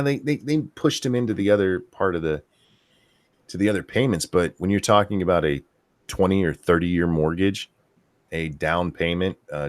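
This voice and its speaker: A man's voice: sits low, no room sound. A man hosting a casual political chat show, talking in a rambling way with many fillers and restarts. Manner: rambling, filler-heavy delivery. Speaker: podcast host.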